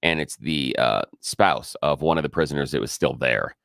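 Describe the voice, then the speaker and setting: A man co-hosting a radio talk show, backing up his partner with quick affirmations and an occasional chuckle. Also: extremely low pitch, vocal fry, a bit bright, no echo, studio quality. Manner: supportive, frequent short affirmations, chuckling.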